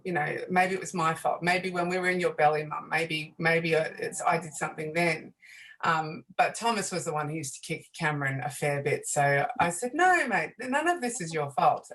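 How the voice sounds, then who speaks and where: A woman in her forties, a bereaved mother and author, speaking softly and hesitantly with many fillers in a radio interview. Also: low voice, rough recording. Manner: soft-spoken, hesitant, many fillers and restarts.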